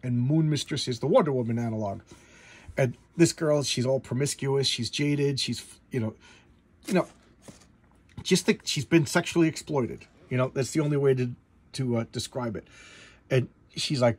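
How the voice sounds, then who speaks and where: A man's voice: medium pitch, normal speed, slightly rough. A man giving casual comic book commentary, rambling with stumbling restarts and blunt opinions.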